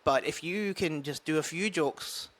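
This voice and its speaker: A man's voice: on the high side, a little slow, fairly bright tone. Scottish man chatting casually to camera. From Scotland. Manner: rambling, many fillers and restarts, thinking aloud. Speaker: open mic comedian vlogging. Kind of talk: casual vlog chat. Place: at home with a dog.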